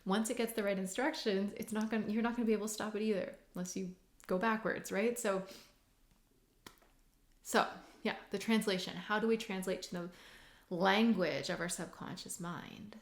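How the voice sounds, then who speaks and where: A woman's voice: medium pitch, fairly even intonation, normal speed. Earnest woman coach in echoey room. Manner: conversational, many "like" and "right?" tags, earnest. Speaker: hypnotherapist and mindset coach. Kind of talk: casual teaching monologue. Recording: roomy echo.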